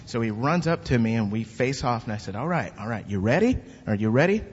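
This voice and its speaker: A husky man tells his church testimony as an animated story, putting on the voices of the people in it. The sound is dull and lo-fi, with a long reverb from a large hall. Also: medium pitch, fast, hardly any pauses. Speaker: church member giving testimony. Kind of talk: spoken testimony.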